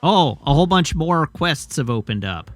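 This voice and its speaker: A man's voice: on the high side, sing-song, moderate pace. A man streamer giving casual gameplay commentary with wry, self-amused asides. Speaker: let's play streamer.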